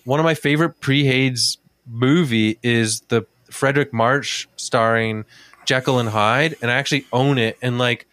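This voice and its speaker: A man's voice: medium pitch, moderate pace, fairly bright tone, no echo. A man co-hosting a casual talk podcast, telling a story in a chatty way, swearing freely and filling with "like". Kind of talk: casual chat.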